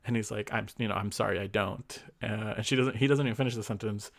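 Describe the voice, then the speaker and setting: Low gravelly man retelling a story. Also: fairly even intonation, fast. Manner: rambling, full of fillers and acted quotes. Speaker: podcast co-host. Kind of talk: casual chat retelling a fanfic.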